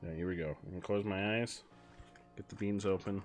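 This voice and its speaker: A young man streaming a game, chatting casually, switching between muttered asides and loud excited outbursts. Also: low-pitched, a little fast, faint music behind. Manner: excitable, shifts from mumbling asides to loud exclamations. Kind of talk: casual live-stream commentary while gaming.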